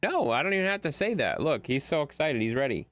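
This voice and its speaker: A man's voice: a little high, big pitch swings, fast, fairly bright tone, no echo. A man streaming a game late at night, chatting loosely with viewers and his dog and swearing freely. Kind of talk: casual livestream gameplay commentary.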